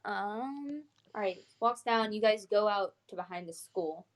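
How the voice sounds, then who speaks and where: A woman's voice: mid-range voice, lively intonation, measured pace. Hesitant woman game master. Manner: hesitant, many fillers. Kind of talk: running a tabletop role-playing game.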